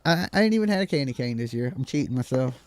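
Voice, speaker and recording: A man chatting casually on a live stream panel, talking in a fast, slangy way. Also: mid-range voice, lively intonation. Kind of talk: casual chat.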